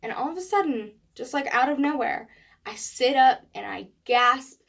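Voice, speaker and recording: Lady telling a storytime to her camera, kinda high voice, acts out all the quotes. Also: normal speed, gravelly. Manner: animated storytelling with acted quotes. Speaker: vlogger. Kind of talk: storytime vlog.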